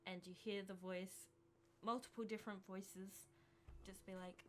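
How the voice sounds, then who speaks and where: A woman narrating a tabletop role-playing game as game master, slow and hesitant, with restarts. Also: medium pitch, fairly even intonation, a bit bright.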